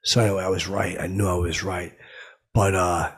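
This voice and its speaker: A man playing a clueless, brash comic who rambles through stories with loud outbursts when he quotes himself. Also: low voice, level tone, normal speed. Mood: rambling. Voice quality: gravelly, husky voice. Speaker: comedy podcast host in character. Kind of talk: rambling comic storytelling monologue.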